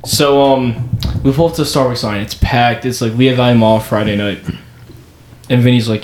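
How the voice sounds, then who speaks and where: A young man telling a story in casual podcast chat, animated and acting out the people in it. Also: medium pitch, normal speed. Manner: animated storyteller, does voices of people in his stories. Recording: roomy echo with noise behind.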